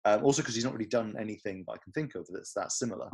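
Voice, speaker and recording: A man with a low, husky voice chats on a podcast at a quick clip. He talks loosely, full of fillers and little hedges, and sounds like an easygoing co-host. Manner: fast, chatty, hedging with fillers. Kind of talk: casual chat.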